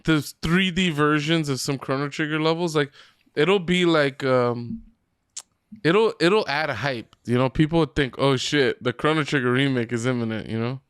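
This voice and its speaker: A man co-hosting a podcast, chatting excitedly about video games. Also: a little high, normal speed, clear, resonant tone, dry recording, studio quality. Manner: excitable, chatty gamer talk. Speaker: podcast co-host. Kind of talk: casual chat.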